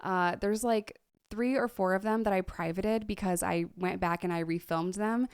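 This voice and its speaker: Chatty gravelly woman reacting to old clips. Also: medium pitch, moderate pace, no room sound, studio quality. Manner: chatty, laughs often, drops to whispers. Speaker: YouTuber in recovery. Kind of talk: casual reaction vlog.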